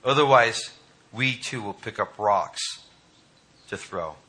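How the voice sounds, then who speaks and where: A man preaching a sermon to a congregation, reading scripture and commenting with dramatic emphasis and pauses. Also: fairly low pitch, lively intonation, bright, forceful tone. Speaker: pastor. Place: church hall.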